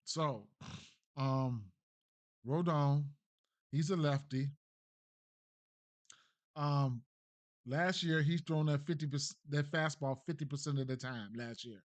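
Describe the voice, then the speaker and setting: A slightly high-voiced man talks through bets in a loose, slangy way, repeating himself and tagging lines with "right?". He sounds close to the mic with no room sound around him. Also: slow, long pauses, dry recording. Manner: thinks aloud, trails off and restarts. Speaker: sports betting host. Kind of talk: casual betting breakdown.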